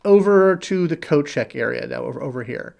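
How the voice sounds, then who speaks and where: Halting male game master. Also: mid-range voice, animated, gravelly, darkish tone. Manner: hesitant, many filler sounds. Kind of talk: narrating a tabletop game.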